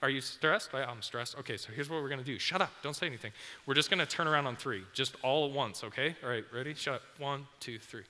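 A man doing a jittery hushed fisherman. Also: medium pitch, fast talker, long reverb tail, voice pushed down. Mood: nervous hushed. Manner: hushed, anxious muttering. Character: nervous bewildered young fisherman, male.

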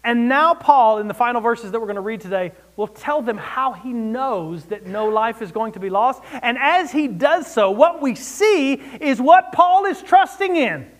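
A man preaching a sermon, expressive, rising and dropping for emphasis, with wry asides. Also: very high voice, normal speed, few pauses. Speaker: pastor.

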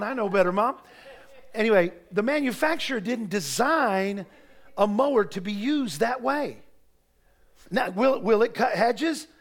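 Pastor, middle-aged man, very high gravelly voice, jokey anecdotes rising to shouting. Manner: folksy joking storytelling that builds to shouted preaching. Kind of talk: sermon. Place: church.

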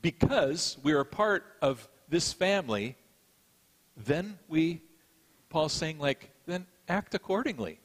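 Slow in pace yet lively in intonation, a middle-aged pastor with a slightly high voice preaches a sermon. He tells it conversationally as a story, with self-deprecating asides, under a long hall reverb.

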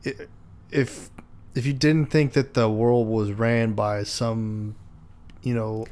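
A man's voice: mid-range voice, fairly even intonation, slow pace, a little mellow, clear, resonant tone. A man in casual podcast chat who hesitates a lot, restarting sentences and filling gaps with ums while he explains.

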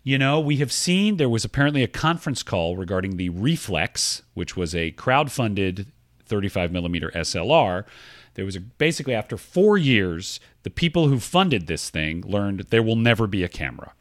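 A man co-hosting a podcast in easy, casual chat, explaining as he goes. His pitch swings widely from phrase to phrase, and his voice sits close and dry with almost no room sound. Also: normal speed, no room sound. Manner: explanatory, animated. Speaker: podcast co-host.

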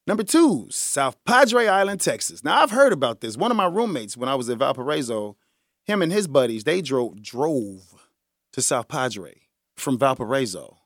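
Gravelly, lively man chatting casually. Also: mid-range voice, moderate pace, dry recording, studio quality. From Chicago area. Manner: chatty, joking, laughs often. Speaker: podcast host. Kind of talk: casual solo chat.

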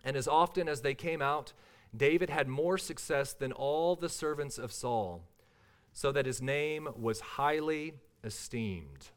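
A man in the pulpit, reading scripture slowly and deliberately before moving into his sermon. His voice sits at an ordinary middle pitch. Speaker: pastor.

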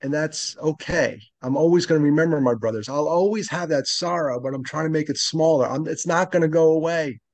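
Man, late fifties, gravelly voice, dry close sound, earnest, reflective, conversational. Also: on the high side, brisk, hardly any pauses, no echo. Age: 50s. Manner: earnest and reflective, speaks openly about loss. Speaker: podcast guest. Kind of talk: conversational interview.

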